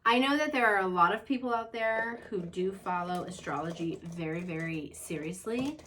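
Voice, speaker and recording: Chatty young mom rambling to camera. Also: female voice, on the low side, normal speed, noisy background. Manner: chatty, rambling, many fillers. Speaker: vlogger. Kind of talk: casual chat to camera. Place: upstairs room at home.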